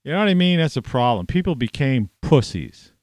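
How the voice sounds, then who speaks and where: A man ranting to camera in a rambling, profane monologue, scornful and swearing constantly, with sudden loud outbursts. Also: mid-range voice, sing-song, fairly quick, dry recording, studio quality. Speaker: vlogger.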